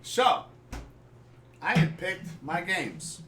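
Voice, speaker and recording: A man hosting a live sports podcast, telling a story casually and animatedly, swearing freely and acting out scenes loudly. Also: high voice, very animated, very slow, heavy background noise. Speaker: podcast host. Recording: echoey room, far from the mic.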